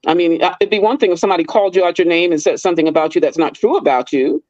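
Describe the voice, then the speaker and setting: A woman's voice: racing, no echo, highs cut off. A middle-aged woman in casual chat, telling stories and acting out the people in them with big jumps in her voice. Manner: animated, acts out quoted people with big pitch leaps.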